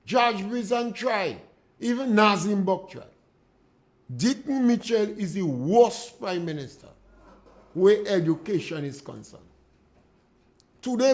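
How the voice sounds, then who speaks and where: A Grenadian man hosts a call-in talk radio show from the studio, with a fairly high voice. He speaks slowly and deliberately, pressing his points home with indignant emphasis. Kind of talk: political commentary on call-in radio.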